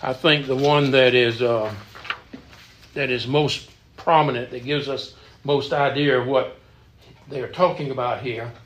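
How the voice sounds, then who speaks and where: A man's voice: mid-range voice, fairly even intonation, measured pace, long pauses, a bit bright. Earnest man teaching a Bible study. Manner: earnest, emphatic, repeats words while teaching.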